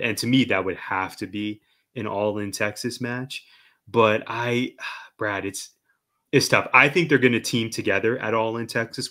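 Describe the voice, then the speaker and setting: A man with a low, bright voice gives wrestling opinions on a casual podcast. He talks with animated emphasis, and his voice stays low and bright the whole way through. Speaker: podcast co-host.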